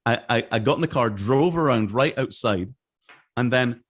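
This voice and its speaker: A middle-aged man recounting his career in a relaxed interview. He talks with lively energy and slips into the voices of the people he quotes. His voice sits at an ordinary middle pitch. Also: moderate pace. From Scotland. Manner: animated, acts out quoted voices. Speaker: interview guest. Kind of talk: casual storytelling.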